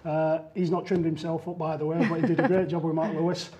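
A man's voice: on the high side, little pitch movement, fast, warm tone. A man, a former rugby player on the show, telling stories in a laughing, anecdotal way. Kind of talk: casual chat.

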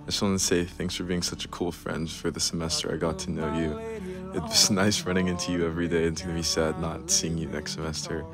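A young man giving a casual, slightly halting farewell to a college friend. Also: sits low, flat delivery, over music. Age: young adult. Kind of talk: farewell message.

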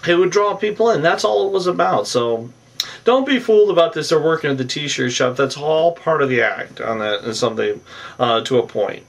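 A man's voice: mid-range voice, expressive, moderate pace, creaky, distant mic. A man casually recapping a reality show episode in a rambling monologue, chuckling often and tacking filler phrases onto his sentences, with the occasional opinionated aside.

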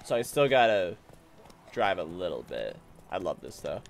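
A man streaming a video game, chatting casually and jokingly, even talking back to the characters. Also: low voice, normal speed, vocal fry, a little hiss or hum. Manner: playful, jokey, talks to characters. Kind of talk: casual gameplay commentary. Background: game music.

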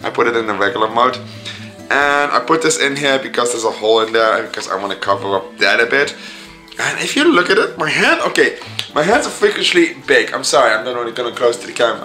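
A man rambling casually through a toy unboxing vlog, chatty and self-mocking, his voice a little hoarse. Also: mid-range voice, lively intonation, brisk, pushed and bright, faint music behind. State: slightly hoarse voice. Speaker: vlogger reviewing a toy. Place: room indoors. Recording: echoey room, mic at a distance.

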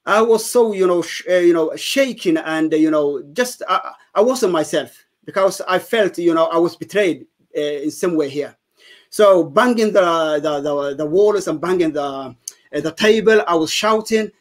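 Halting man giving testimony. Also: a little high. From Somalia. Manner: halting, many fillers and restarts. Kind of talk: personal testimony interview.

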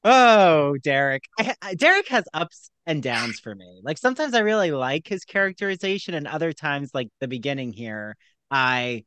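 Animated, bright-voiced man chatting. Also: a little high, normal speed, clear, resonant tone, dry recording. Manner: animated, gushing, acts out quotes. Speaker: podcast co-host. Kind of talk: casual chat about a TV show.

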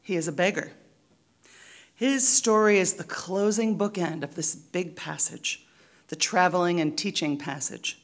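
A woman pastor preaching a sermon in a church, deliberate and emphatic, with rhythmic repetition. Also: fairly low pitch.

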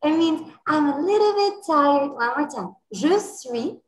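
A woman teaching an online French class to children, encouraging them and modeling phrases slowly and clearly over a video call. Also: high-pitched, lively intonation, roomy sound, poor audio.

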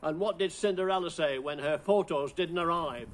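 A man's voice: fairly high pitch, moderate pace, slight background noise. A man running a playful Christmas riddle routine, puzzling aloud over each one before chuckling at the answer.

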